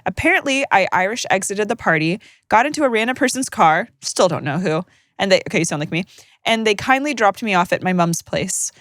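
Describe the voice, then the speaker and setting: A woman co-hosting a podcast, reading listener stories aloud with joking, animated banter. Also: medium pitch, a little fast, no echo, studio quality. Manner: animated, joking, laughs mid-sentence. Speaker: podcast co-host.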